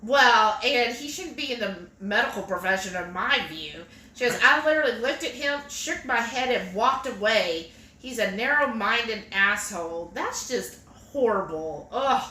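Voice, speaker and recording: A woman's voice: fairly high pitch, lively intonation, moderate pace, pushed and bright. A woman, co-hosting a cooking livestream and reading viewer comments aloud in a chatty, giggly way. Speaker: cooking stream co-host. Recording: echoey kitchen room.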